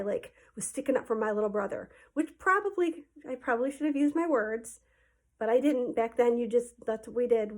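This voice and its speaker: A woman tells a childhood story to her class from home, chatty and animated. She fills the pauses with ums and likes. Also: a little high. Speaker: teacher telling stories to her class. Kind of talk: casual spoken storytelling.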